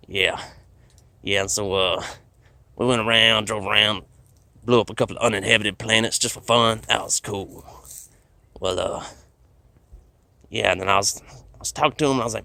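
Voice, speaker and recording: A man's voice: fairly low pitch, steady tone, moderate pace, gravelly, long pauses, sharp tone, no room sound. A man telling a rambling comedic story in a laid-back drawl, full of fillers.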